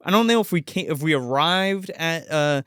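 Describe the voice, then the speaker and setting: Male co-host, fairly high, very animated delivery, dry close mic, teasing movie chat. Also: moderate pace, clean tone, dry recording. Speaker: podcast co-host. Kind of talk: casual chat about movies.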